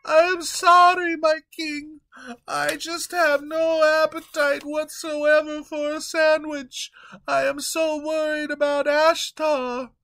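A man doing a high, anxious, timid servant. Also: level tone, slow pace, bright, forceful tone, slight background noise, full character voice. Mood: worried. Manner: pleading, anxious, apologetic.

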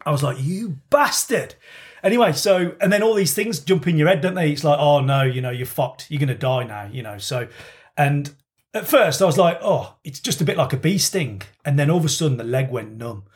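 A man's voice: a little high, expressive, a little fast. A man telling a long, rambling story in casual podcast banter, swearing freely.

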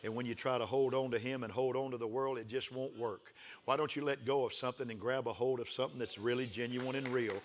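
A man preaching a sermon in a rhythmic, repeating cadence, rising from quiet to fervent calls for the congregation to respond. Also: medium pitch, steady tone, fast talker, slight background noise. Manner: builds from hushed to fervent shouting with call-and-response.

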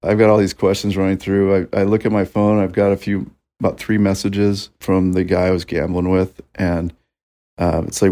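A man with a very low voice recounts a story as a listener, sending it in as a voice message. He keeps it wry and matter-of-fact. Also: flat delivery, fairly quick, dark tone. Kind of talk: voice-message anecdote.

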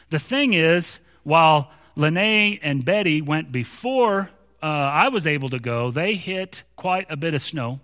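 A man's voice: on the high side, pushed and bright, big-room sound. A man preaching a sermon as pastor, telling stories with mounting animation and frequent restarts. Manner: storytelling with growing animation, many restarts.

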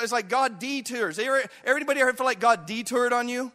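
High, bright-voiced male preacher in a hall. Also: fast. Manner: dramatic, acts out voices of Bible figures and the listeners. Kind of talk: sermon. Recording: echoey hall.

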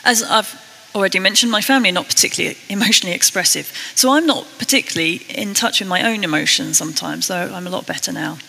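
A British woman preaching a sermon, earnest and a little self-deprecating, slowing down to read scripture. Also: medium pitch, vocal fry, sharp tone, husky, long reverb tail, rough recording. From Britain.

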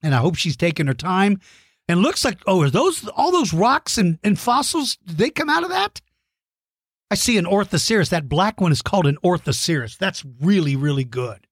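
Man, high voice, very lively delivery, dry close sound; upbeat podcast host praising kids' drawings and fossils. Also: normal speed, breathy edge, no room sound. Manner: warm, encouraging, playful with kids. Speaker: podcast host reading listener mail. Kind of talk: enthusiastic shout-outs to kids.

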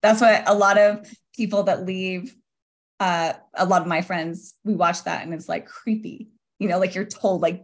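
A woman's voice: medium pitch, fairly even intonation, normal speed. A woman in her forties talking as a guest in a podcast interview, earnest and reflective, often laughing lightly. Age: 40s. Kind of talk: casual interview talk.

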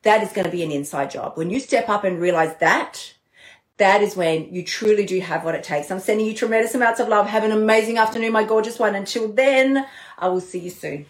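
A woman hosting a live motivational talk as a diet coach, animated and playful, swearing casually. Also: mid-range voice, a little fast, roomy sound. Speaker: podcast host and diet coach.

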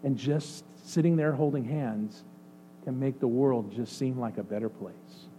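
A male pastor preaching a sermon, swinging between excited outbursts and soft, hushed passages. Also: mid-range voice, measured pace. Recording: faint mains hum. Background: faint electrical hum.

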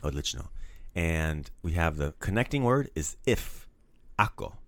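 A man hosting a casual language lesson, animated and playful, teasing his co-host and praising each repeat. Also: extremely low pitch, measured pace, no echo.

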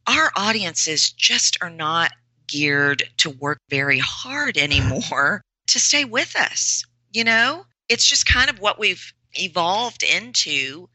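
Woman voice coach, interview guest, low voice with a bright forceful edge, emphatic. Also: sing-song, slow, no echo, rough recording. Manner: emphatic, repeats words for stress. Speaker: voice and presentation coach. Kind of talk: podcast interview answers.

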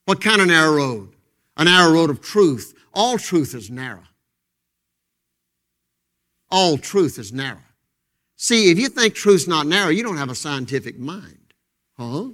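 A man preaching a fervent sermon from a church pulpit, moving between loud, emphatic declarations and hushed, intense passages, with a lot of repetition. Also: fairly high pitch, sing-song, a little slow, long pauses. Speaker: pastor.

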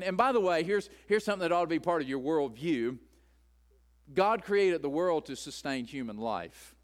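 Pastor guy preaching, kinda high voice, gets emphatic and punchy. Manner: emphatic, building to raised repetitive emphasis. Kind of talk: sermon.

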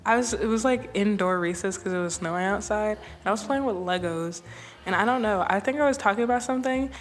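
A woman's voice: mid-range voice, fast talker, a little hiss or hum. A teenage girl co-hosting a student podcast, telling sheepish stories with lots of giggling. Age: teens. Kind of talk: casual chat, storytelling. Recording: loud music under the talk.

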